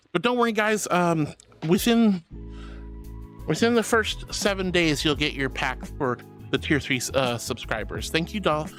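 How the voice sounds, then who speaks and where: A woman streaming as a VTuber, chatting casually and playfully with her viewers and teasing them in squeaky, cutesy tones. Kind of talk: casual live-stream chat.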